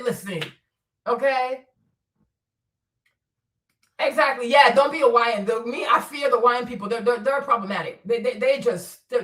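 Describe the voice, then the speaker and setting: A woman's voice: a little high, fairly bright tone, distant mic. A woman from Africa hosting a livestream, talking bluntly with swearing and laughter while she answers her chat. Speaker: streamer. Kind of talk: livestream commentary.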